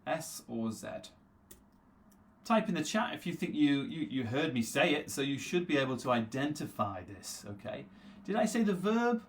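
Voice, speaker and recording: A man's voice: on the high side, very animated. Man teaching a live online English lesson. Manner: reads viewer names aloud from the chat and answers them; repeats words slowly for pronunciation drills.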